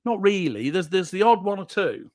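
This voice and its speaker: Man hosting a livestream, jokey and chatty, high lively voice, dry close sound. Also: moderate pace, no room sound. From Yorkshire, England. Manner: jokey, chatty, reads viewer comments. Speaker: livestream show host. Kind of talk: casual livestream chat.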